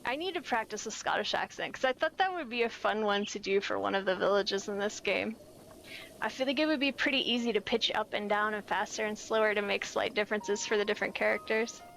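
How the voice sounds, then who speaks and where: A woman's voice: mid-range voice, fairly quick, gravelly, fairly bright tone, slight background noise, poor audio. A young woman chatting casually while streaming a game, giggly and self-deprecating. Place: home, lives in California.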